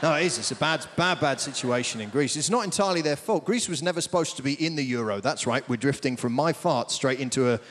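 A man performing stand-up comedy on a large theatre stage, telling a lively, rambling story with asides to the crowd. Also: medium pitch, fast talker, hardly any pauses, big-room sound, a little hiss or hum. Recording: big theatre with roaring audience.

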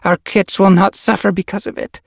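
Storybook she-cat medicine cat, played by a man, high, husky, emotional. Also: flat delivery, normal speed, no echo, studio quality. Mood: pleading. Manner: strained, emotional pleading.

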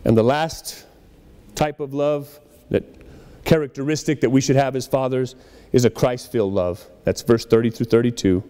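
In a large hall, a pastor with a medium-pitched, mellow, clean voice preaches at normal speed. His sermon is conversational, and he brings in acted-out bits of dialogue as he goes.

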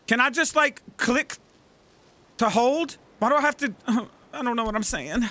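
A man giving gaming commentary, talking himself through moves and yelling and swearing at the game. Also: sits high, lively intonation, moderate pace. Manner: swears a lot and yells at the game. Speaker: let's play gamer.

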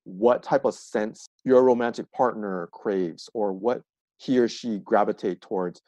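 A man's voice: lowish voice, a little slow, warm tone, no room sound. A man appearing as a coach guest on a podcast, explaining earnestly and with examples in a casual chat.

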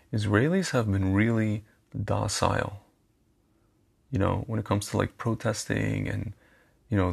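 A man's voice: lowish voice, vocal fry, slightly rough. A man talking casually straight to his viewers as a commentator, chatty, repeating phrases and calling them his friends. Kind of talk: casual direct-to-camera monologue.

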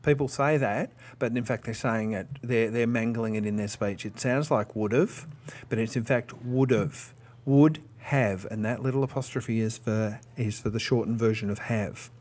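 A man's voice: mid-range voice, normal speed, darkish tone. Patient man teaching. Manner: patient, thinking aloud with small restarts. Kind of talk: explaining test strategies to students.

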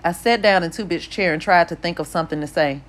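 A woman narrates an audiobook in a low voice. Her delivery is steady and even, with an unhurried storytelling manner.

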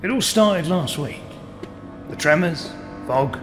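A haunted English villager. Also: male voice, on the high side, animated, takes it slowly. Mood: grim. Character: haunted brooding village man, shunned as madman. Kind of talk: video game voice acting. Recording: game audio over loud eerie music.

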